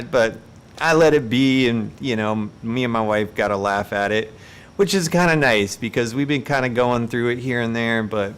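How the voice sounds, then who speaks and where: A man chats on his live stream in a mid-range voice, spinning everyday mishaps into comic stories. His delivery is animated and self-mocking, with laughs slipping in between lines. A faint low rumble sits under the voice. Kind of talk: casual storytelling on a live stream.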